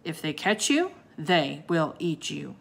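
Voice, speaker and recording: A woman voicing a gruff, commanding old male ice wizard who bellows and growls. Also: sits low, very animated, takes it slowly, full character voice.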